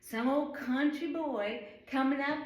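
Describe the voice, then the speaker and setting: This middle-aged northern American woman speaks in a high-pitched, unhurried voice while teaching an informal Bible study. Her talk is chatty and rambling, full of fillers. It's recorded in a church room that echoes.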